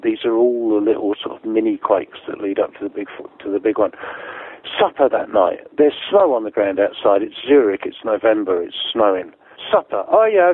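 A man's voice: fairly low pitch, no room sound, phone-quality sound. A man telling a long, profane tour story in a casual way, laughing often and acting out what other people said. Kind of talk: casual anecdote, sweary storytelling.

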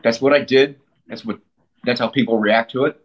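A middle-aged man, a punk band frontman, talking bluntly and profanely in a casual interview, telling stories with animated emphasis. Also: mid-range voice, moderate pace, muffled recording.

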